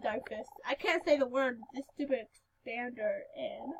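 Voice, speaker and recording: A female speaker giving casual gameplay commentary, giggly and excitable, breaking into sudden loud outbursts. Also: on the high side, normal speed, gravelly, dull audio, slight background noise. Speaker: gaming video host.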